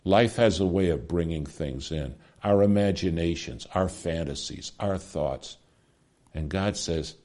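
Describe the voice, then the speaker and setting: A middle-aged man preaching a sermon, with dramatic delivery that drops to a hush for emphasis. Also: low-pitched, unhurried.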